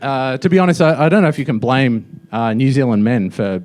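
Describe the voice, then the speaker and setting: A man's voice: mid-range voice, fairly quick, a little mellow. Offhand man roasting on stage. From Australia. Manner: mocking, offhand delivery with many fillers. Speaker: roast battle comedian. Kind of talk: stand-up roast routine. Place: comedy club stage.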